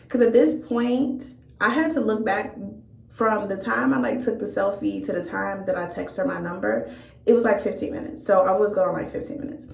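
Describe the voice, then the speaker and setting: A woman's voice: mid-range voice, moderate pace, a little mellow, slight background noise. A young woman vlogger telling a storytime tale in a candid, profane, amused way. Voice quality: gravelly vocal fry. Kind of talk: storytime chat. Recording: echoey room.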